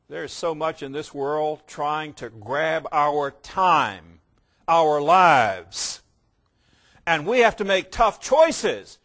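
Preaching with emphasis, this man draws out important words and briefly mimics lukewarm churchgoers in quick asides. His pitch is a little high, and he sounds animated and a bit bright.

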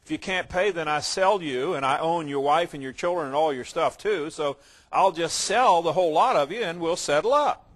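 A man's voice: a little high, moderate pace, natural voice. A stern king calling in his debts, as a preacher acts him out. He speaks bluntly and plainly, in a slightly raised voice. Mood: businesslike.

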